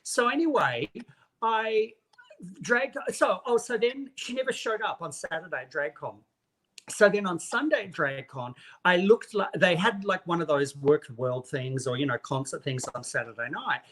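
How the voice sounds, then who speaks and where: A chatty guest spins a long gossipy story, sprinkling "honey" through nearly every sentence. This speaker acts out what everyone said in quotes, in a mid-pitched voice. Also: animated, normal speed, fairly bright tone. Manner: acts out others' lines in quotes. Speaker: guest costume maker. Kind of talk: casual chat.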